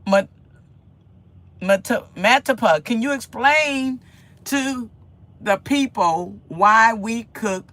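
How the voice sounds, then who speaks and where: Her voice sits on the high side, and she talks slowly with long pauses. This woman is a vlogger in her home kitchen, casually spinning a wandering, animated tale for viewers and repeating herself a lot.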